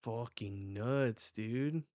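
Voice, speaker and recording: Slow-talking excitable guy reacting. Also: mid-range voice, no room sound. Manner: excitable, swears, narrates panels loosely. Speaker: manga reaction host. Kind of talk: casual live reading reaction.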